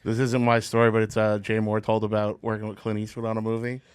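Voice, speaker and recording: Rambling comedian recounting anecdotes. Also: male voice, on the low side, monotone, fast talker, clean tone, no echo. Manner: rambling anecdotal delivery with restarts. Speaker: podcast host and comedian. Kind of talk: casual comedic chat.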